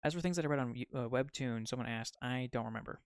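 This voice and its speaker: A young man streaming while he draws, chatting casually in a rambling, excitable way full of fillers. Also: mid-range voice, fast, clean tone, dry recording, studio quality. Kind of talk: casual live-stream chat while drawing. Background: faint music.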